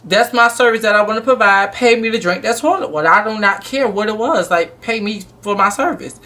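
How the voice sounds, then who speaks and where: A young adult woman telling a story on her vlog in a blunt, animated, emphatic way. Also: medium pitch, brisk, hardly any pauses. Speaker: vlogger.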